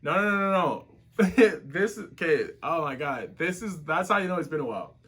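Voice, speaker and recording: A man giving casual, excitable, slang-filled reaction commentary as a webtoon reactor. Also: fairly high pitch, normal speed, breathy edge.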